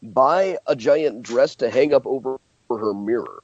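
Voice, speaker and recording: A male historian and tour guide telling animated stories in a radio interview, with laughs and restarts. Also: mid-range voice, a little slow, lo-fi sound.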